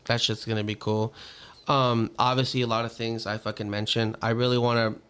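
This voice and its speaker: A man's voice: mid-range voice, level tone, fairly quick, fairly bright tone, clear, resonant tone. Laid-back young man, casual and profane. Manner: loose and profane, many fillers. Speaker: musician guest. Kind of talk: casual podcast chat.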